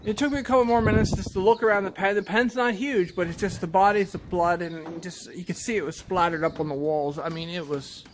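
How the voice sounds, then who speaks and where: High-voiced plainspoken farmer man. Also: noisy background. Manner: plainspoken, halting, shaken retelling. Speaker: goat farmer. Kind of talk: casual storytelling.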